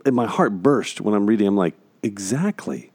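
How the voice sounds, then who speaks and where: A man with a mellow, darker voice talks with earnest conviction and hammers home his points with repeated phrases. He is co-hosting a casual podcast about faith. The sound is dry and close. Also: on the low side, lively intonation, moderate pace, no room sound. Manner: earnest, repetitive emphatic phrasing. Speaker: podcast co-host.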